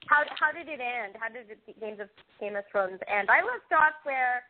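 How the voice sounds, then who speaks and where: A woman's voice: a little high, animated, moderate pace. A woman chatting casually as a TV review panelist, gushing and giggling. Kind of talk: casual chat. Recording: tinny phone-like line.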